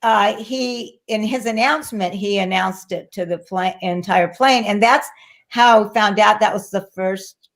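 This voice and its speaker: A middle-aged woman telling a story as an interview guest in casual chat, lively and acting out what others said. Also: mid-range voice, a little slow. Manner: animated, acts out quoted voices. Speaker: guest, actress and flight attendant.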